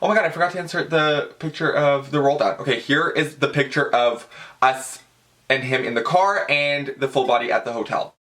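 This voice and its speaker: His voice a little high and fairly quick, this young vlogger chats through a story with fan-like excitement and drama. Every line gets a "like," and he keeps calling his viewers "girl."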